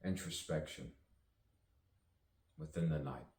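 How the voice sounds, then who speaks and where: Very deep-voiced man musing in slow verse. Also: a little mellow. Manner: slow, musing, playful, half-chuckling. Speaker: actor and poet. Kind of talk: improvised spoken-word poetry. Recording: roomy sound from a distance.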